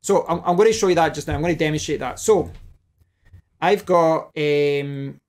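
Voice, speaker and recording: A man with a fairly high voice walks through a hands-on tech demonstration at his desk. He thinks aloud as he plugs and unplugs cables, often restarting his sentences. The delivery is relaxed and conversational, spoken into a desk microphone. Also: moderate pace. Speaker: tech tutorial host. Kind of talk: casual demonstration tutorial. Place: home desk setup. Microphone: desk microphone, switching between mics.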